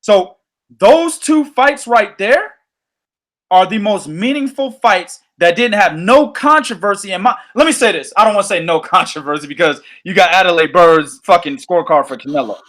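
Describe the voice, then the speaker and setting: A man hosting a boxing podcast, ranting in a loose, profane, animated way. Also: sits high, normal speed. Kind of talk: casual podcast chat.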